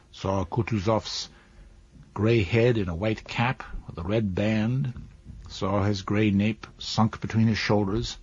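A man narrating a classic novel as an audiobook in a measured, even storytelling manner. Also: fairly low pitch, husky, no echo. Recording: dull dry lo-fi recording.

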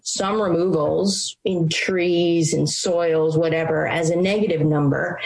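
A woman's voice: on the low side, a little mellow, rough recording. A woman interviewed as a report author, answering in an emphatic way and often repeating words as she thinks.

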